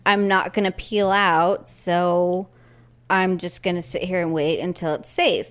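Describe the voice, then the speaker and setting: A woman's voice: lowish voice, unhurried. A woman co-hosting a podcast, telling a story in casual chat and acting out quotes with laughter. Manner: animated, acts out quotes loudly with laughter. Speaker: podcast co-host.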